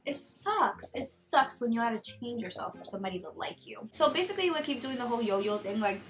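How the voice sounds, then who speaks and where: A young woman with a slight Spanish accent, telling a personal story in a casual, animated vlog chat. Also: a little high, a little fast, rough recording. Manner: chatty, animated, quoting others in raised voice. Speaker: vlogger.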